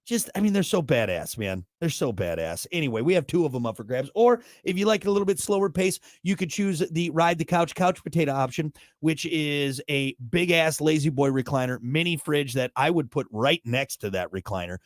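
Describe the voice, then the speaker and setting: A man's voice: a little high, expressive, a little fast, hardly any pauses, no room sound, studio quality. A man in his thirties hosting a morning radio show, chatting casually with a joking, rambling, self-mocking manner. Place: radio studio.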